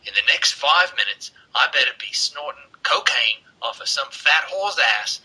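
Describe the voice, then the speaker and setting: A man doing a rambling, indignant prime minister in a gruff mock-British accent. The tone is very bright and sharp, with a husky edge. It is a deliberately bad impression. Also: a little high, expressive, pitched above the performer's own voice, exaggerated voice, poor audio. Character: foul-mouthed pompous male prime minister.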